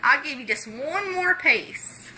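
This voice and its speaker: A quiet, contented poor farmer played by a woman answers a rich man's boasts with calm confidence. The voice is bright and a touch higher than average. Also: slow pace, slight background noise, exaggerated voice.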